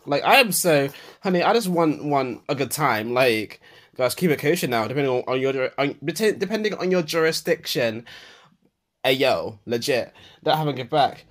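A man's voice: medium pitch, expressive, normal speed. A young man, hosting a podcast in an unscripted voicenote monologue, swearing freely and rambling through a rant full of fillers. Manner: profane, meandering rant with many fillers. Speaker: podcast host.

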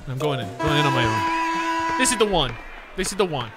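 A man streaming a video game, talking to chat with frustration, swearing and yelling at the screen. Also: on the high side, sing-song, moderate pace. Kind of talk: gaming livestream commentary. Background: game music.

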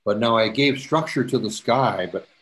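A man's voice: medium pitch, moderate pace, fairly bright tone. A man teaching a step-by-step photo editing tutorial, chatty, repeating himself and dropping jokey asides. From Canada. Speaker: photography instructor. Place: presentation to a camera club.

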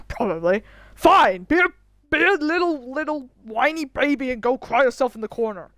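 A woman voicing a brash, violent male cartoon bear who gives loud, mocking let's play commentary and laughs often. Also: high-pitched, expressive, normal speed, dry recording, clean studio sound. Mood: taunting. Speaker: gamer. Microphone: headset.

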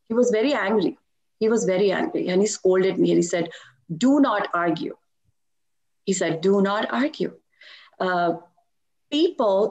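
A middle-aged woman sharing personal devotional stories in a lively talk, laughing often as she tells them. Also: on the low side, dull audio. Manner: animated storytelling with frequent laughs.

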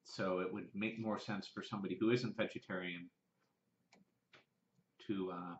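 Southern man, low-ish voice, vlogger thinking aloud, roomy lo-fi sound. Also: steady tone, normal speed. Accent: Southern American. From American South. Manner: rambling, with many restarts and fillers. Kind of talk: casual thinking-aloud monologue. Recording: roomy and dull, lo-fi.

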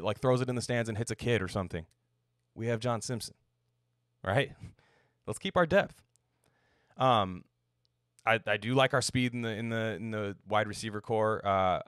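A young man talks football in a loose, rambling, sarcastic way, cursing now and then. His voice sits a bit low. The recording is dry and close, with no room sound. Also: fairly bright tone, no echo. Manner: rambling and sarcastic, swears casually. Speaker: sports podcast host. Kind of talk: casual sports talk.

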